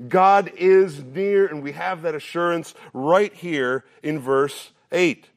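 A man in his thirties preaching a sermon, earnest and repeating phrases as he builds each point, sometimes dropping into a relaxed, story-telling tone. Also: slow pace. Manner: drops to a low conversational tone for a personal story. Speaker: pastor.

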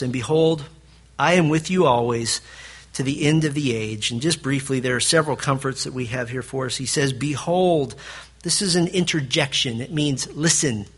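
A pastor preaching a sermon in a fairly high male voice. He drives his points hard, then pulls back to a near-hush to let them land. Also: breathy edge. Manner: emphatic preaching that swings from loud to hushed.

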